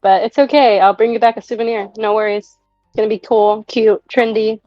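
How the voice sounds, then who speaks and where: A woman's voice: fairly high pitch, flat delivery, fairly quick, dry recording, faint music behind, lightly acted. A woman playing a tough adult woman adventurer, an older sister who talks in an offhand, dry way. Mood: breezy. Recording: dry, dull lo-fi mic.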